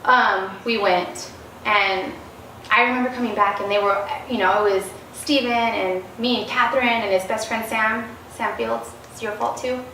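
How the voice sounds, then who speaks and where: A woman's voice: on the high side, steady tone, normal speed, pushed and bright. A woman guest in a casual interview, telling stories animatedly and acting out the quoted dialogue. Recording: roomy, distant mic, faint noise.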